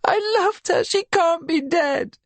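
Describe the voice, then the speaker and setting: A woman reading an audiobook, voicing a grief-stricken young woman who wails and sobs in a shrill voice. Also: slow, dry recording, heavily acted. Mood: anguished. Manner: wailing, shrill and sobbing.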